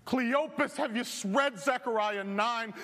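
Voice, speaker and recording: A man with a very high voice preaches animatedly, shouting out now and then. His voice rings out with a long reverb, as in a large church hall. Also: measured pace. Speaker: pastor. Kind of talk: sermon.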